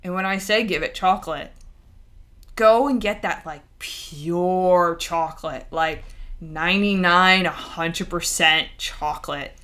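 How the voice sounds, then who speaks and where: A woman co-hosting a podcast in a chatty, animated way. Her voice sits a little low and sounds bright and forceful. She slips into little quoted voices as she talks. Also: slow. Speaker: podcast co-host. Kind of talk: casual podcast chat.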